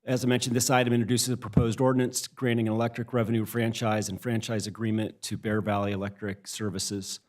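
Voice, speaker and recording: A man's voice: lowish voice, level tone, fast talker, hardly any pauses, darkish tone. A man from county staff presenting an agenda item to a board, formal and a bit hesitant. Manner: hesitant, filler-heavy opening.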